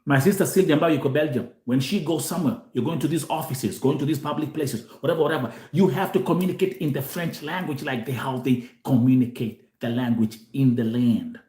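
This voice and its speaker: With a mellow, mid-range voice, the Kenyan show host speaks briskly and barely pauses, his sound roomy. He talks animatedly to viewers in a live monologue, switching between Swahili and English and often repeating himself.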